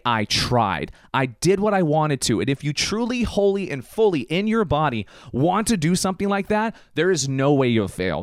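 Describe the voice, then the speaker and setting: A man's voice: fairly high pitch, dry recording, clean studio sound. A man hosting a podcast and delivering an enthusiastic, hyped-up pep talk. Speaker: podcast host. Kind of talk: motivational podcast monologue.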